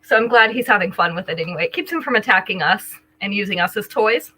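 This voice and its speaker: A woman's voice: mid-range voice, fast talker, pushed and bright, rough recording. An older woman hosting a live jewelry sale, chatting casually with viewers, greeting them by name and describing each item. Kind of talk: casual live-stream selling chat.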